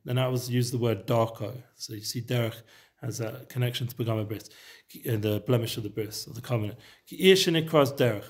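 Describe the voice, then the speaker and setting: Guy teaching torah casually, loose rambling explanations, hebrew terms sprinkled in. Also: medium pitch. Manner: mixes Hebrew terms into English, loose and conversational. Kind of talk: casual Torah study session.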